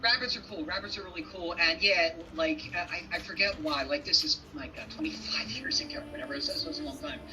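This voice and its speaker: Male guest, halting and hesitant, set back from the mic over clear music. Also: high voice, animated, sharp tone, far from the mic, rough recording. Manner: hesitant, halting, with many restarts. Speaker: podcast guest. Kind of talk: casual conversation.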